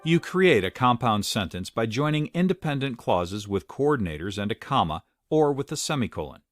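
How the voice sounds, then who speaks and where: A man reading a scripted grammar lesson in a measured explanatory way. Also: medium pitch, sing-song, no echo, faint music behind. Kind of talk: scripted narration.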